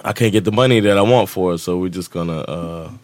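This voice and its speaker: A man's voice: low voice, fast talker, a little mellow, dry recording. A man, telling a story on a casual podcast, laughing often and acting out the voices of the people in it. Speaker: podcast co-host.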